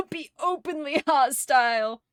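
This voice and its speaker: A woman's voice: high voice, lively intonation, slow, fairly bright tone, no room sound, studio quality. A woman hosting a livestream, chatting casually and reading viewer messages aloud, laughing often between lines. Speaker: livestream host.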